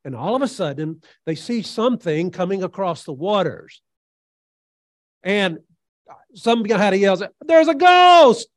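A man preaching a sermon in an earnest, halting way, with frequent fillers, retelling scripture as a story. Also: sits high, lively intonation, no echo.

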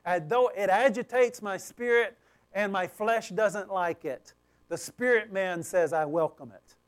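High-voiced man preaching emphatically. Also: measured pace. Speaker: pastor. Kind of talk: sermon.

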